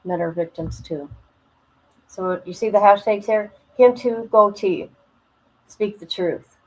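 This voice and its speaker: A woman giving blunt, sarcastic reaction commentary over a video, incredulous and quick to swear. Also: medium pitch, low-quality recording. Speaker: reaction streamer.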